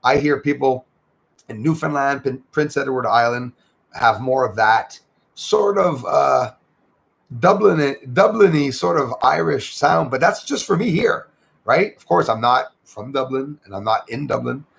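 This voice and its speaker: A man's voice: medium pitch, expressive, measured pace, creaky, fairly bright tone. A man hosting a casual livestream from home, chatting loosely, reading out viewer comments and greeting viewers, sometimes in French. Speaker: livestream host. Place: home in Canada near the Michigan border.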